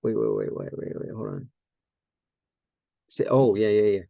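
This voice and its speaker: A man's voice: on the low side, huge pitch swings, a little slow, gravelly, mellow, no echo, lo-fi sound. A man teaching a Greek grammar lesson in a casual, think-aloud way, often correcting himself and using many fillers. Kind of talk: casual screen-share lesson.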